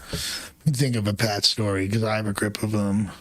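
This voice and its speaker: A man's voice: on the low side, flat delivery, normal speed. A young man hosting a livestream, telling a story in a rambling, profane way full of loose slang. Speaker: streamer.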